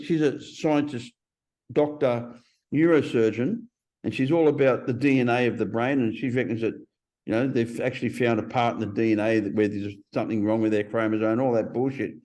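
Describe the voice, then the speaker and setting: A blunt man in his fifties, speaking as a podcast guest. He tells stories in a loose, animated way, peppered with swearing. His voice sits at an ordinary middle pitch. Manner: blunt, profane, animated storyteller. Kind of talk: casual interview storytelling.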